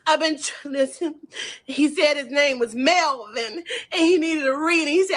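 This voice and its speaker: A woman in a played clip telling a story while crying, halting and restarting her sentences. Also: high voice, fairly bright tone.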